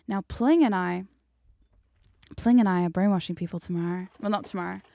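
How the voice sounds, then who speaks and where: A woman streaming hypnosis content, chatting casually and teasingly with her live chat, sometimes dropping into soft whispers. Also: lowish voice, a little fast, gravelly, pauses often, dry recording, clean studio sound. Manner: playful, teasing, rambling, drops into soft whispers. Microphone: studio condenser mic.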